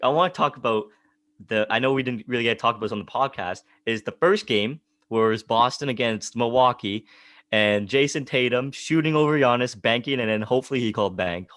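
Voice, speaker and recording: A man in an excitable, casual sports chat, laughing easily and acting out how he reacted to games. His voice sits at an ordinary middle pitch. The sound is close and dry. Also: a little fast, no room sound. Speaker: podcast co-host.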